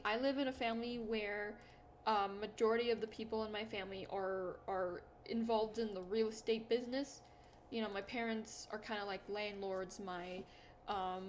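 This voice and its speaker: A woman's voice: mid-range voice, slight background noise. A young woman chatting casually to her viewers, telling self-deprecating stories in a rambling way with lots of fillers and restarts. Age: young adult. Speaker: YouTuber. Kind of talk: casual chat to camera.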